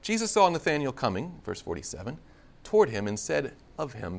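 Animated male preacher with lively pitch. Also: a little fast, gravelly. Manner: conversational, animated, acts out biblical dialogue with humor. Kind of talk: sermon.

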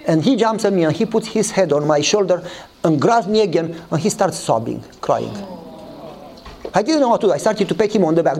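A man preaching a sermon, telling a story and acting out the dialogue with lively voices. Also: a little fast, crowd noise, noisy background. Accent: Eastern European. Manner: animated storytelling, acts out dialogue in a higher voice.

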